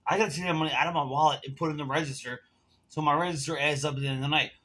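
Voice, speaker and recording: A man's voice: fairly high pitch, steady tone, racing, a bit bright. A man ranting to camera in a casual vlog, telling a heated, profane story while smoking and drinking. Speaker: vlogger.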